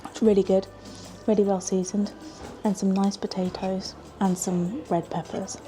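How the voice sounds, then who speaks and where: A woman's voice: mid-range voice, little pitch movement, normal speed, warm tone, soft background music. A woman from the UK, a travel vlogger, chatting casually to camera about a walk and her food. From United Kingdom. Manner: chatty, giggly, tipsy at times. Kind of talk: casual vlog chat to camera.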